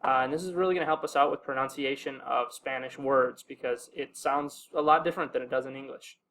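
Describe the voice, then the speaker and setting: A young man teaching a casual video lesson in a relaxed way, with many fillers, slowing down to sound out each example word. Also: mid-range voice, a little hiss or hum. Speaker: language teacher.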